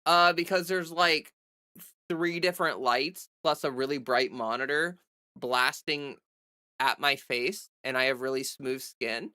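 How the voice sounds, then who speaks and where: A woman talking off the cuff on a home livestream, her voice bright and forward. She rambles through fillers and restarts and stays blunt and defiant, swearing freely. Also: very deep voice. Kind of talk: casual livestream chat. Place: home streaming setup under bright lights.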